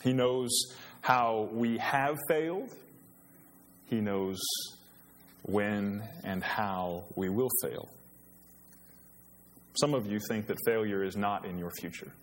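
A man's voice: lowish voice, slow, pauses often, slight background noise. A man preaching a sermon as pastor, earnest and growing emphatic in a church. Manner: earnest, rising to emphatic when quoting scripture. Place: church sanctuary. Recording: long reverb of a church hall.

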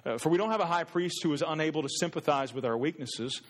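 A man's voice: fairly high pitch, fast. A man preaching a sermon as a pastor, earnest and conversational, often restarting his words. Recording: long reverb in a hall.

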